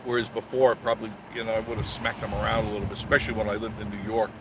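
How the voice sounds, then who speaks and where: A man's voice: fairly low pitch, level tone, racing, noisy background. Joking man in his sixties hosting live. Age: 60s. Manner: joking, sarcastic, chatty. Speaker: live stream host. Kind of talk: casual live chat reading viewer comments.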